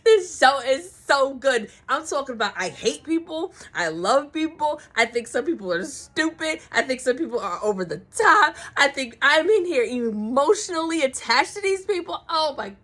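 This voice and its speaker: A woman vlogger chatting through a soap opera recap in a gossipy, slangy, animated way. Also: high-pitched, normal speed, hardly any pauses. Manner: animated, gossipy, slangy, acts out characters' lines.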